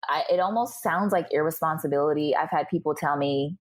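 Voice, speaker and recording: A young adult woman speaking as a podcast guest, telling her story candidly and acting out what other people said to her. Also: low voice. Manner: animated, acts out other people's remarks in quick bursts.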